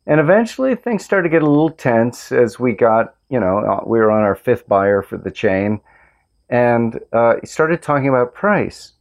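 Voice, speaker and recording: A man who farms organic tomatoes, hosting a casual interview and telling stories in an earnest, relaxed way. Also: mid-range voice, normal speed, vocal fry. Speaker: host, organic tomato farmer.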